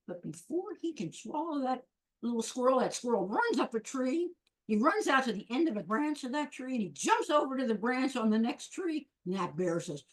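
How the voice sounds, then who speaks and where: A woman's voice: mid-range voice, lively intonation, normal speed. A woman storyteller telling a folk tale live, with rhythmic repetition and playful sound words.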